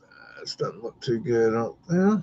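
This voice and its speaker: A man's voice: medium pitch, big pitch swings, normal speed, dark tone. A man chatting casually on a livestream, hesitant, with many fillers and restarts. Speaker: podcast co-host. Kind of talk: casual livestream chat while browsing maps. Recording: dull lo-fi stream audio.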